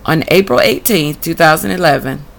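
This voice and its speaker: A woman's voice: low-pitched, moderate pace, gravelly. A woman reading out documents from her own case and answering them bluntly and indignantly. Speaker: tenant telling her own housing case. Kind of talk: reading documents aloud and reacting.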